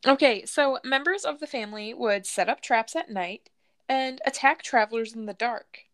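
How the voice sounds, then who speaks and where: A woman's voice: on the high side, normal speed, a bit bright. A woman co-hosting a casual podcast, telling a creepy true story with lots of laughs and swearing. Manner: laughing, profane, joking storyteller. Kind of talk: casual true-crime chat.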